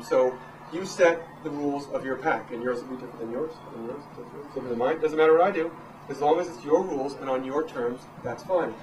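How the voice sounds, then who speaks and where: A man in his thirties, a dog trainer, giving a casual, animated talk to a live audience. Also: on the high side. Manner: animated, acts out quotes in raised voices. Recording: echoey room from far off, noisy.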